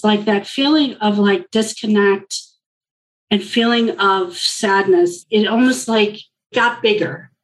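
A woman's voice: mid-range voice, low-quality recording. A woman guest telling her personal story in an interview, reflective and full of filler likes.

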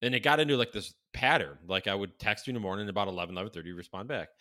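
A man's voice: on the low side, very fast, pushed and bright. A man telling a story in casual chat, rambling and profane, with many fillers and restarts.

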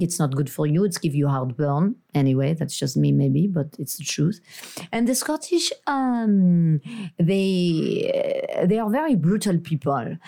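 A woman's voice: low-pitched, mellow. A woman playing a boastful, flirtatious French woman with a French accent, scornful toward her rivals in an improvised comedy podcast. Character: boastful French woman debating about romance.

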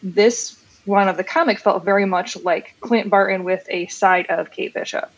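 A woman's voice: mid-range voice, steady tone, moderate pace, dull audio. A woman chatting enthusiastically about comics and a TV series, rambling a little with fillers. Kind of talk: casual chat about comics and TV.

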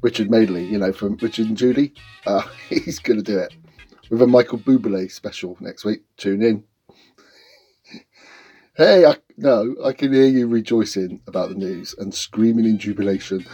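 A man hosting a radio show, delivering a rambling, self-deprecating comic monologue in a deadpan way. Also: fairly low pitch, moderate pace, husky, soft background music.

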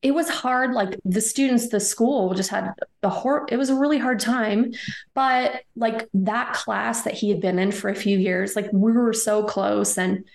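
A woman's voice: medium pitch, gravelly, echoey room. A woman, probably in her thirties, telling an emotional personal story in an interview, rambling with many "like"s and "you know"s. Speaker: guest.

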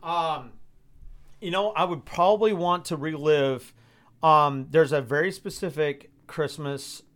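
A man in his thirties from Georgia hosting a live stream Q&A, answering in a reflective, hesitant way with many pauses and fillers. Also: mid-range voice, fairly bright tone. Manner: reflective, hesitant with many ums, gets emotional. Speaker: host.

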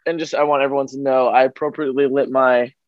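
A man co-hosting a casual sports chat, upbeat and quick with jokes and asides. His mid-range voice sounds dry and close, with a slightly dull, lo-fi home recording. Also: medium pitch, level tone, no echo. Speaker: podcast co-host. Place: small home room.

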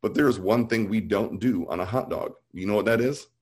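A man's voice: fairly low pitch, fairly quick, breathy edge. A man in his forties from Illinois, chatting casually and animatedly, with frequent restarts. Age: 40s. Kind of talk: casual chat.

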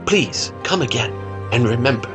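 An actor playing a sinister doctor who hosts a horror chamber, welcoming listeners in a theatrical, ominous way over music. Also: male voice, mid-range voice, expressive, normal speed, lightly acted. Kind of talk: horror audio ad host.

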